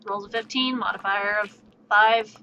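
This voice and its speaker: A woman streamer casually retelling a story on a live stream, animated and stammering. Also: medium pitch, moderate pace. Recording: dull lo-fi stream audio, faint noise.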